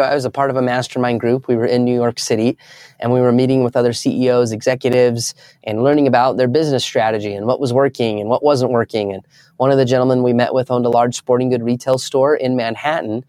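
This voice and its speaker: A man's voice: mid-range voice, a little mellow, no room sound. A young adult man, a guest in an interview, telling stories earnestly and acting out the voices of people he quotes. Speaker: guest speaker. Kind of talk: storytelling in an interview.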